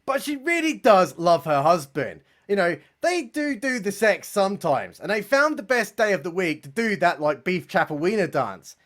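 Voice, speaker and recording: A young man giving sarcastic, mocking commentary as he reviews a comedy special, with deadpan asides and casual swearing. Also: high-pitched, moderate pace, hardly any pauses.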